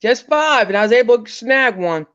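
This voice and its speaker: A woman from Alabama with a Southern accent chats on a livestream in a frank, blunt, talkative way. Her voice is on the high side, and the audio comes through dull and muffled. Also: lively intonation, moderate pace, fairly bright tone. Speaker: livestream co-host. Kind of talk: casual livestream chat.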